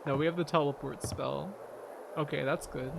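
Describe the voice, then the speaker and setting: A man's voice: on the high side, fairly even intonation, moderate pace, vocal fry, background noise. A man commenting on a game he is playing, making sarcastic, incredulous remarks and laughing asides. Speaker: gameplay commentator. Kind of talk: let's-play commentary.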